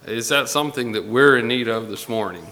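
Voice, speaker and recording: A man preaching a Sunday morning sermon to his congregation, unhurried and pausing often with fillers. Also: medium pitch, bright, forceful tone. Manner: unhurried, pausing with fillers, reading scripture aloud. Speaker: pastor. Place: church sanctuary. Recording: long hall reverb with faint ambience.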